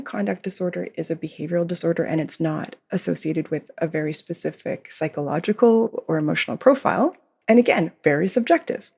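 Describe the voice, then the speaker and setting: Gravelly-voiced woman explaining as a guest. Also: lowish voice, a little mellow. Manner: explanatory, giggles often while talking. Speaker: behavior consultant and author, guest. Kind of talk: podcast interview.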